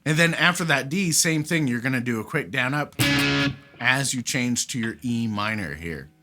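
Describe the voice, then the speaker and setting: A man giving a casual beginner guitar lesson, chatty and relaxed, counting out rhythms. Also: medium pitch, moderate pace. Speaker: guitar teacher. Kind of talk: casual instructional talk. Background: guitar playing.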